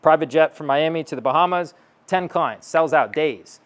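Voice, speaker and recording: A man's voice: a little high, moderate pace. A man giving a stage talk to an audience as a sales coach, brash and blunt, swearing and acting out both sides of dialogues.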